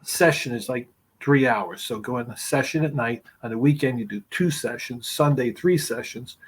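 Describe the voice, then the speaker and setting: Podcast guest: male storyteller, husky, swears freely, rambles through anecdotes. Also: mid-range voice, normal speed. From New York. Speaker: guest, screenwriter. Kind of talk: casual storytelling.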